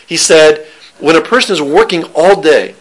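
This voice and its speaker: A man with a fairly high-set voice teaches an informal Torah class. He talks in a loose, conversational way, restarting phrases and trading jokes with the people listening. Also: moderate pace, poor audio.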